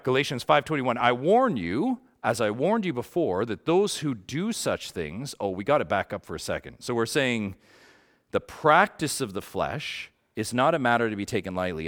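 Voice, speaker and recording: A man's voice: deep voice, fairly bright tone. A man teaching a Bible study group in a conversational way, earnest and passionate, often checking in with his listeners.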